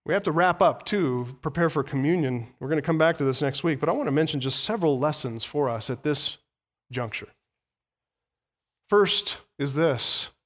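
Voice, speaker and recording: A man preaching a sermon as pastor, emphatic and teacherly, building to animated peaks as he explains the text. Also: a little high, moderate pace. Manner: teacherly, explains Greek words. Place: church sanctuary.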